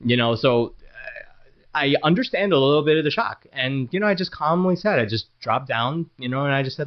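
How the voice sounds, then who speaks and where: A man's voice: mid-range voice, animated, moderate pace, dull audio. A man who works as a property manager, talking casually to camera about his business in a frank, rambling way, with many fillers and restarts.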